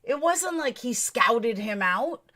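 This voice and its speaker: A woman's voice: fairly high pitch, animated, slow pace, bright, forceful tone. A woman hosting a true crime live stream, talking straight to her chat in a blunt, emphatic, opinionated way.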